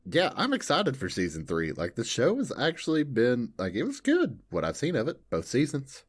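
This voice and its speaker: A man co-hosting a podcast in casual chat, from the Southern United States, telling stories in an animated way and laughing often. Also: medium pitch, moderate pace, husky. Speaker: podcast co-host.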